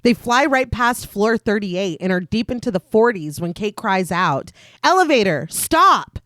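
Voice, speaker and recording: Reading out a film recap for the horror podcast she co-hosts, a young adult woman speaks at normal speed with medium pitch. The sound is echo-free, and her delivery is full of laughter and lively asides.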